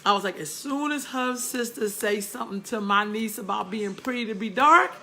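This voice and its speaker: A middle-aged woman hosting a candid monologue, blunt and animated, often laughing as she talks straight to her viewers. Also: on the high side, moderate pace, a little hiss or hum. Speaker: host.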